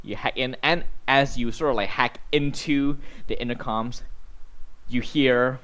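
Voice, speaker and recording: Male game master, mid-pitched voice, easygoing narration peppered with fillers. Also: fairly even intonation, measured pace, fairly bright tone. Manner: loose, conversational narration with fillers.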